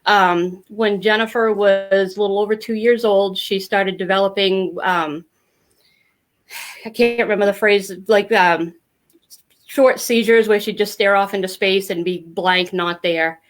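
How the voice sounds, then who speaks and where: A woman's voice: mid-range voice, fairly even intonation, unhurried. A middle-aged woman telling her family story as a podcast guest, candid and talkative, with many fillers. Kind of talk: casual interview storytelling.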